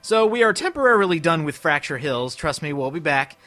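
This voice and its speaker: A man casually commenting on a video game as he plays, animated and breaking into loud playful outbursts. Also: a little high, fairly quick. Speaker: let's play host. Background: game music.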